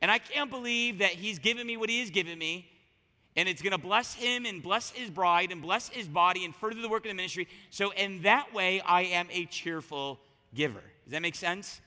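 The big-room sound carries a pastor's high-pitched sermon at a moderate pace. He talks conversationally and with animation, restarting himself often.

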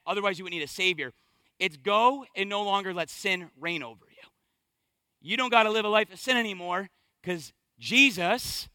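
A man preaching a sermon as pastor, impassioned and conversational, dropping to a hush and then rising loud. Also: sits high, no echo. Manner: impassioned, swings from hushed to loud.

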